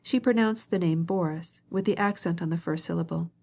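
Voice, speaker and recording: A woman reading a classic novel aloud as an audiobook narrator, in a measured way, gently voicing each character. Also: fairly low pitch, vocal fry.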